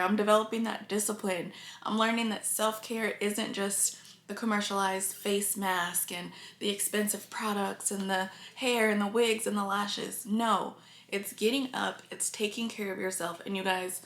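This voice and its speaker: A woman's voice: mid-range voice, fairly bright tone. Earnest, emotional woman vlogger in echoey room. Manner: earnest and confiding, addresses viewers often. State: emotional, near tears. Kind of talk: casual talk to camera.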